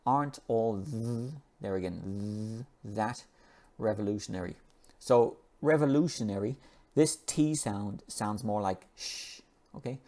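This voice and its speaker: Low-voiced man teaching English pronunciation. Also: warm tone. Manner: slow and repetitive, drawing out and repeating sounds. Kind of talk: pronunciation lesson, reading an article aloud.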